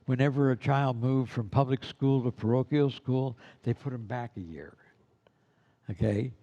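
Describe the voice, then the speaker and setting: Gravelly older male instructor, rambling classroom talk, mixes in playful character voices. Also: medium pitch, warm tone, muffled recording. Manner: rambling, acts out kids' voices in anecdotes. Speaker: Santa school instructor. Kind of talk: casual classroom teaching.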